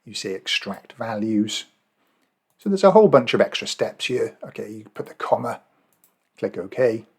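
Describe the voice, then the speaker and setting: An Australian man with a lowish, slightly rough, sing-song voice speaks at normal speed. As an Excel and Power BI trainer, he talks viewers through a spreadsheet task in an informal screen-recorded tutorial, thinking aloud with fillers and self-corrections.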